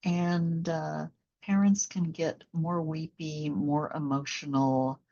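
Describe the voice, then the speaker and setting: A postpartum doula and instructor talks gently and reflectively in a conversational interview, using many fillers. Her voice is deep, steady, and slow, and the recording has its highs cut off.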